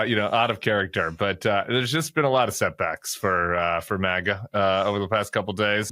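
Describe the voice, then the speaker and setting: A male podcast host with a low but bright, forward voice that sounds dry and close to the mic. He chats casually about politics, teasing himself and tossing in filler words as he goes. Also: no room sound. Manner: jokey, self-deprecating, chatty with fillers.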